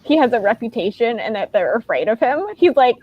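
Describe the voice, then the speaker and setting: A woman's voice: on the high side, sing-song, brisk, dry recording, dull audio. A woman with a New England accent co-hosting a casual book discussion, giggly and full of fillers. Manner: giggly, uses lots of fillers. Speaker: podcast co-host.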